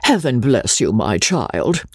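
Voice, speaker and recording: A woman's voice: extremely low pitch, sing-song, slow pace, a little mellow, husky, no echo, clean studio sound, heavily acted. A woman voicing a stern, pompous old headmistress with a stately manner. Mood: haughty.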